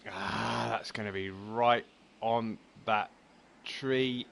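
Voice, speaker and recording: A man's voice: lowish voice, fairly even intonation, extremely slow, gravelly, background noise. A man giving casual, self-critical commentary on his own golf video game round and signing off to viewers. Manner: frank, self-critical, chatty sign-off. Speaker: gaming channel host.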